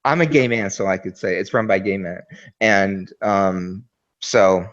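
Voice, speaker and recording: A man's voice: low voice, a little slow, fairly bright tone. Rambling man on a lo-fi mic. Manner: rambling, hesitant, many fillers. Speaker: panel guest. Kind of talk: casual online group chat. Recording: dull lo-fi microphone.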